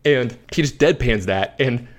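A man casually telling a long story as a podcast host, animated and rambling, with lots of fillers. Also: mid-range voice, unhurried. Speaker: competitive card game player.

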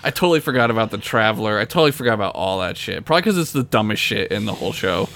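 Bright, animated man chatting. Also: lowish voice, rapid-fire, creaky, slight background noise. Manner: expressive, laughs often, swears freely. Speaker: podcast co-host. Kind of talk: casual chat about a TV episode.

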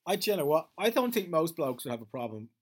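A man's voice: fairly high pitch, very animated, fast talker. A man delivering a profane, rambling comedic monologue as a podcast host.

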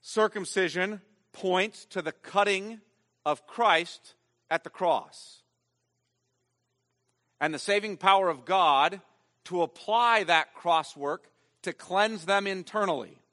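A man preaching a sermon as pastor, emphatic, swinging from loud stressed lines to hushed ones. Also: high voice, slow pace, pauses often, big-room sound.

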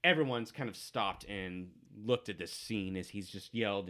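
A man runs a tabletop game and describes a busy tavern in a loose, casual way. His voice is bright and easy. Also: fairly low pitch, normal speed, hardly any pauses. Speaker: game master.

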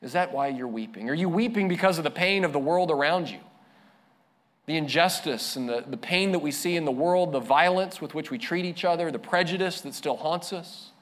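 Earnest man preaching, somewhat high voice. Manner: earnest preaching, slows and softens for emphasis. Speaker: pastor. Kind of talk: sermon.

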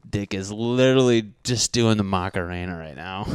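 A young man reacting to a dating show clip in crude, excitable commentary, often swearing and acting out what people are thinking. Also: fairly low pitch, normal speed, hardly any pauses, clean tone, dry recording, clean studio sound. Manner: excitable, swearing, mock-narrating others' thoughts.

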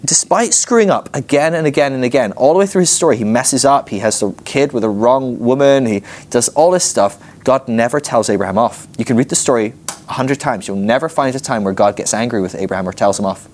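A man teaching a Bible class, telling the story with animated energy and often laughing at his own points. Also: mid-range voice, fairly quick, slight background noise. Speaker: ministry school teacher.

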